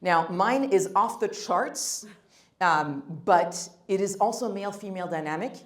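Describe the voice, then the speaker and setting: A woman's voice: medium pitch, lively intonation, unhurried. A woman giving a live workshop talk, blunt and emphatic with wry humor. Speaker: workshop speaker. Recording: roomy hall.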